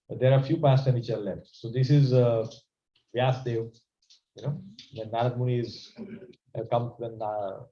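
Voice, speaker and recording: A man teaching a scripture class, telling stories in a conversational, animated way and asking the audience questions. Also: medium pitch, echoey room, lo-fi sound.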